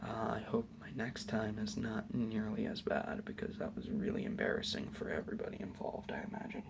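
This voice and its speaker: Gravelly young man in soft whispers. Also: fairly low pitch, flat delivery, brisk, background noise. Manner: soft, hesitant, rambling whisper with many fillers. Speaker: YouTuber answering questions. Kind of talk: whispered ASMR Q&A. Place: home at night.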